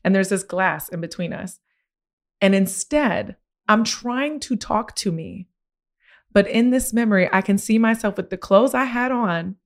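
A young woman hosting a podcast, candidly retelling a personal experience in animated, expressive conversation with lots of "like". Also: medium pitch. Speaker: podcast host.

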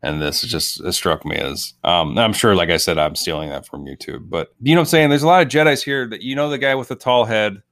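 A man's voice: lowish voice, a little fast, few pauses, a bit bright, no room sound. A man in casual conversation about a film, talking loosely and restarting his sentences often. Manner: rambling, loose, self-interrupting. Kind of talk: casual movie podcast chat.

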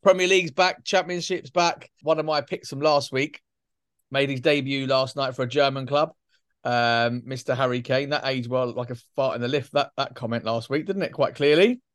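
A man's voice: medium pitch, moderate pace, no room sound, studio quality. A man hosting a podcast, chatting and joking about football. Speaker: podcast host. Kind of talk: casual football chat.

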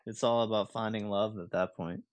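A man co-hosting a casual podcast chat, talking in slow stretches that climb sharply when he gets worked up. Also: on the low side, fairly even intonation, no echo. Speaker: podcast co-host.

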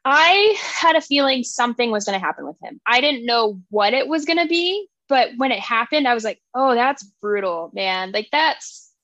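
A young woman co-hosting a book podcast, chatting casually, excitable, often laughing and acting out quotes. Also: fairly high pitch, moderate pace, dry recording, muffled recording. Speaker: podcast co-host. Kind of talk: casual chat.

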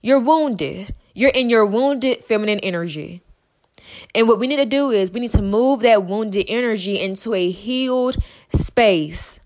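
A young woman hosting a podcast, talking fast and emphatically in a monologue, repeating herself and stumbling over words. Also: medium pitch, a little mellow. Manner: emphatic and repetitive, fast with stutters. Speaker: podcast host.

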